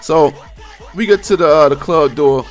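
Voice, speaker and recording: A man's voice: a little high, moderate pace, soft background music. Slangy young man telling a story. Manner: slang-heavy, animated retelling. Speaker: vlog host. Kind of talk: casual storytelling.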